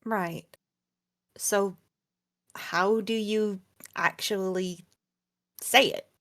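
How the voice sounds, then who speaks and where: A woman's voice: medium pitch, fairly even intonation, very slow, fairly bright tone, no room sound, studio quality. Easygoing woman who laughs easily. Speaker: roleplay partner. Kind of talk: casual chat during voice roleplay.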